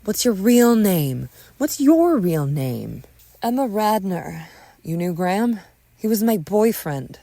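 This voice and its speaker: A woman voicing a suspicious, hot-tempered young woman who shouts and snaps in a narrated audio story. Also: medium pitch, measured pace, no echo, pitched above the performer's own voice, natural voice. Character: fierce, suspicious young woman, quick to yell.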